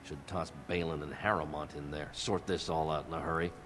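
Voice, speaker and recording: An actor playing a blunt, weary dwarf guard captain. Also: male voice, rumbling low, steady tone, a little fast, in a large hall, background noise. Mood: gruff. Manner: blunt, weary, plain-spoken.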